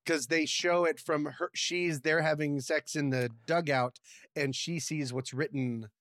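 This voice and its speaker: A man co-hosting a casual podcast chat, talkative and quick to laugh. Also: fairly high pitch, steady tone, a bit bright, no room sound, studio quality. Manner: chatty, laughs easily. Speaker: podcast co-host.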